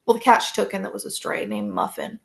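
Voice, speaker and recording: A woman's voice: a bass voice, huge pitch swings, fast, vocal fry. A woman, a podcast guest, telling personal stories in a casual, rambling way, full of fillers and restarts.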